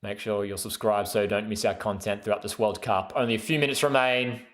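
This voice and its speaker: A young man hosting a live football watchalong, calling the play casually and breaking into excited high cheers. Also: brisk. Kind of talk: excited live match commentary to chat viewers. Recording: echoey room.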